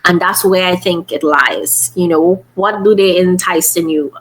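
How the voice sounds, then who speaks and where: A woman's voice: lowish voice, measured pace, poor audio. A young woman hosting a podcast, talking casually and earnestly, thinking aloud with frequent restarts. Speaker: podcast host. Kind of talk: casual reflective podcast talk.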